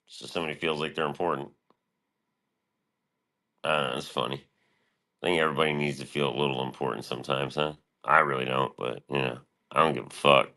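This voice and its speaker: A man's voice: very deep voice, creaky, pushed and bright. A middle-aged man streaming, talking in a profane, meandering, laid-back monologue. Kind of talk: casual rambling monologue.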